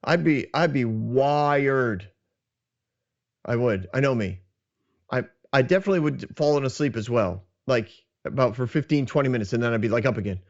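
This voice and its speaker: A man's voice: medium pitch, animated, fast. Give me a conversational man casually retelling scripture, on a muffled recording. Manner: conversational, self-deprecating, with restarts. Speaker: podcast host.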